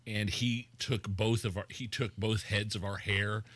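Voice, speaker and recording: A middle-aged man from Indiana, co-hosting a radio show and telling stories in excitable, casual banter. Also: on the low side, a little slow, dry recording. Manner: excitable storyteller. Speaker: radio co-host.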